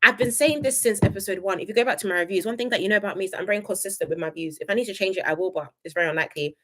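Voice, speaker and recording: A young woman, reviewing a reality show on a casual live stream, opinionated and chatty, reading viewer comments aloud. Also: racing. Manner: animated, jumps between high excited greetings and low asides.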